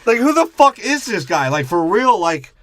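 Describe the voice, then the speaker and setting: A man's voice: high voice, sing-song, normal speed, a bit bright. A young man co-hosting a crude comedy movie review podcast, rambling and mocking. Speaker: podcast co-host.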